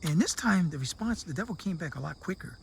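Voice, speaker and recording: A man with a high voice tells a long joke in a loose, casual way, jumping into the characters' voices as he goes. He talks outdoors, with a faint hum of crickets behind him. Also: quick pace, gravelly. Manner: animated joke-telling, acting out the characters in raised voices. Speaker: vlogger living abroad. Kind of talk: casual storytelling to camera.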